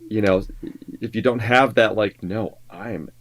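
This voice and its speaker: Low-ish guy co-hosting a music reaction stream, relaxed, lots of "like" and "you know". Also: normal speed. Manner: casual, relaxed, musing with fillers. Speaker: co-host and songwriter. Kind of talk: live reaction stream chat.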